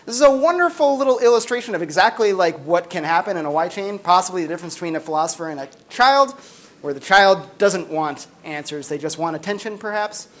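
A man's voice: high-pitched, fast. Chatty man giving a university lecture. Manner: chatty, filler-heavy, animated storytelling. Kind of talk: casual classroom lecture. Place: university classroom with students.

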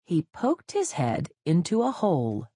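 A woman reading a children's story aloud very slowly for young learners, with a husky voice. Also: lowish voice, wildly swooping pitch, dark tone, no room sound, clean studio sound. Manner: very slow, clearly paced for learners.

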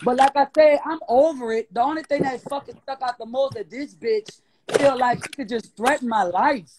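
Brief: high-pitched New Orleans bounce guest, defiant and cursing, mocking tone. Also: normal speed, noisy background. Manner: profane, defiant, mocking, repeats insults. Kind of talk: heated live-stream rant.

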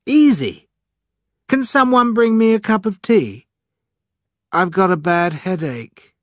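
A man's voice: sits high, lively intonation, slow pace, no room sound, studio quality, pitched above the performer's own voice. A man reading a storybook, voicing a bossy, lazy young man who is the eldest brother.

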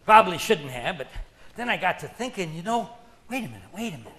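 A man telling a comic story on stage in a one-man play, with a dry, deadpan manner. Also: high voice, quick pace. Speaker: comedic storyteller.

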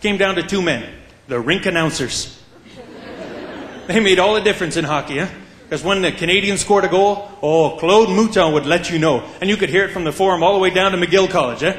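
A man's voice: high voice, a little fast, fairly bright tone, echoey room. A man from Quebec doing stand-up comedy on stage, chatty and punchy, talking straight to the crowd. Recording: live club with audience.

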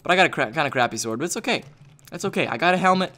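A young man narrating a video game as he plays, excitable and jokey, often shouting. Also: fairly high pitch, rapid-fire. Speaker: gaming YouTuber.

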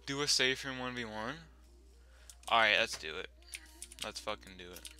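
A young man casually commenting over his own gameplay, swearing freely and breaking into loud yelling when things go wrong. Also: lowish voice, moderate pace, clean tone, faint music behind. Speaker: gaming channel host.

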